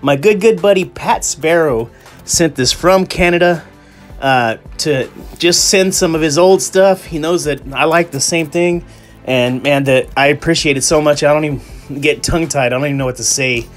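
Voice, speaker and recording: Excitable rambling male host. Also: a little high, moderate pace. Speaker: toy channel host. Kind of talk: casual vlog chat. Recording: background music.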